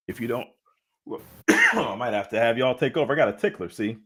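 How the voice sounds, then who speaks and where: A man's voice: medium pitch, lively intonation, moderate pace, long pauses, a bit bright. A man co-hosting a casual leadership webinar, playful and jokey, mixing slang asides with talk of faith. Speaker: co-host and leadership coach.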